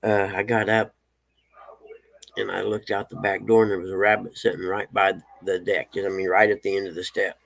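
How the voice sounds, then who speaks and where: A man's voice: deep voice, level tone, a little fast, creaky, a bit bright, low-quality recording. A man casually telling a story in a folksy way, chuckling often and talking fondly to his dog. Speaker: vlogger.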